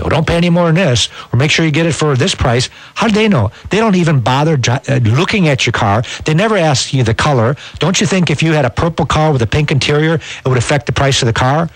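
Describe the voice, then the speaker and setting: Fast-talking car dealer man. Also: medium pitch, no room sound, rough recording. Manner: fast, folksy, persuasive delivery. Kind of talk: sales pitch on a local TV show.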